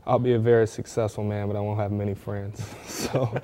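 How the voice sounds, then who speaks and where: Laid-back young man, low mellow voice. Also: level tone, brisk. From Northwest Ohio. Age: young adult. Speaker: athlete guest. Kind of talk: casual interview.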